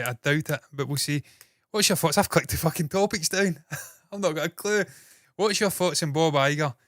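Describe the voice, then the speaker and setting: A man's voice: mid-range voice, clear, resonant tone, no echo, clean studio sound. A man hosting a casual solo entertainment news livestream, rambling and swearing freely as he chats to viewers. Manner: rambling, profane and self-deprecating.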